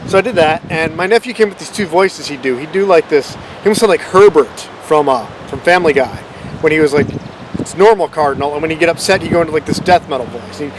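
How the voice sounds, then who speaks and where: A man hosting his own channel rambles in a casual, self-deprecating, unscripted vlog about how his videos came about. His voice is on the high side, with a noisy background.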